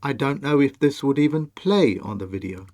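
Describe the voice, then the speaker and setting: A man presenting a monologue over on-screen images, slow, emphatic and commanding as he speaks straight to the viewer. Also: medium pitch, animated, darkish tone. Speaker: video presenter.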